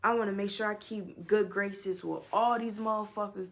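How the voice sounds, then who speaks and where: A young adult woman telling a storytime on her vlog, animated and profane, swinging between loud outbursts and low mutters. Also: moderate pace, few pauses. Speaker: vlogger. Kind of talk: casual storytime.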